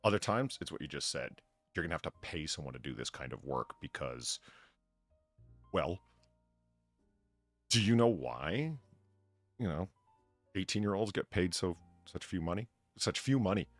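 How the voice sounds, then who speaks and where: Low-voiced man chatting on a stream. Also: normal speed, long pauses, no echo, faint music behind. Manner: animated, swears freely, laughs often. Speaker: streaming host reading donations. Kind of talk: casual live-stream chat.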